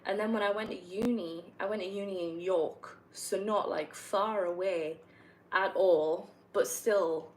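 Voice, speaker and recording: Her voice mid-range and steady, a young Northumbrian woman from North East England talks a little slowly while playing a game. She rambles chattily, answers viewers' questions and laughs a lot. The audio is low-quality with slight background noise.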